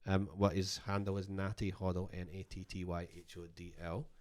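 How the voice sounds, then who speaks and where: A man's voice: low voice, little pitch movement, normal speed, a little mellow. A man co-hosting a casual podcast chat, rambling and breaking off mid-sentence, laughing often. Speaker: podcast co-host. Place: garage.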